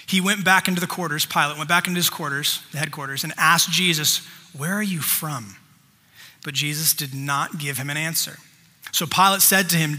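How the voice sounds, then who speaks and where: A man's voice: on the high side, brisk, bright, forceful tone, in a large hall. A man preaching a sermon, reading scripture aloud and stopping to stress points with emphatic asides. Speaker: pastor.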